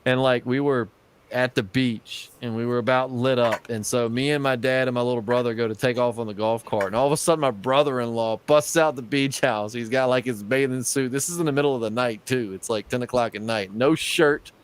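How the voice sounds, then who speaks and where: A man's voice: mid-range voice, fairly quick, a little hiss or hum. A man in his thirties, a podcast host, telling a rambling story in casual chat and laughing between the lines. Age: 30s. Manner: laughing storyteller, puts on voices for friends.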